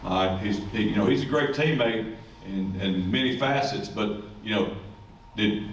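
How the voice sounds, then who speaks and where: A man, a high school football coach giving a rambling, joking ceremony speech. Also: a little slow. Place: school event room. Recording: echoey room, distant mic, faint noise.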